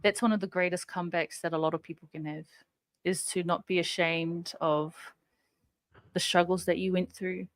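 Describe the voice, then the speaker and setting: A woman's voice: on the low side, fairly even intonation, moderate pace, no echo. Woman, podcast co-host, emotional and laughs easily, dry close mic. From Samoan family. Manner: emotional, giggly, reads quotes aloud. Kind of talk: casual podcast chat.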